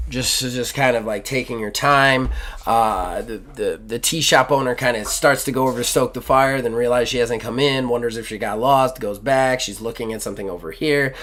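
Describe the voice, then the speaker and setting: A man's voice: medium pitch, a bit bright. A man narrating his turn in a tabletop game, describing a scene loosely with many fillers and restarts. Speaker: player. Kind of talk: actual play of a journaling tabletop game.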